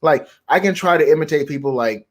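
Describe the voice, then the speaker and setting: A man with a fairly high-pitched voice co-hosts a relaxed online chat. He rambles in an animated way, often restarting his sentences as his thoughts catch up. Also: fairly quick. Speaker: podcast co-host. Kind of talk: casual live-stream chat.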